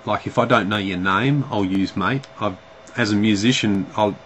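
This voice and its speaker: A man's voice: on the low side, normal speed, fairly bright tone, a little hiss or hum, poor audio. A man with an Australian accent chatting casually to camera in a vlog, hesitant and full of ums and restarts. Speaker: vlogger.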